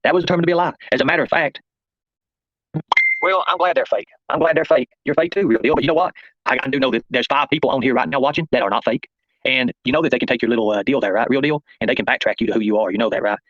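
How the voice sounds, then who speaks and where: A livestream host fires off a confrontational monologue at a very fast clip, calling out viewers and chat by name. His middling-pitched voice has a fairly bright tone, while the close, dry audio, with no room sound, is dull and lo-fi.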